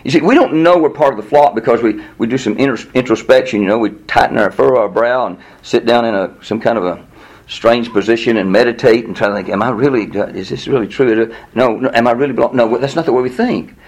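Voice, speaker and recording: A man preaching a sermon in a conversational way, acting out the quotes and chatting with the listeners. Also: fast talker. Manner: animated, acts out quotes with rising pitch; conversational, with laughs and audience asides. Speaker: pastor.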